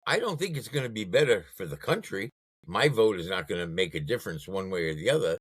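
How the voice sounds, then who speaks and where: Male podcast guest, low and lively voice, blunt and profane. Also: quick pace, breathy edge, dry recording. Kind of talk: casual political chat.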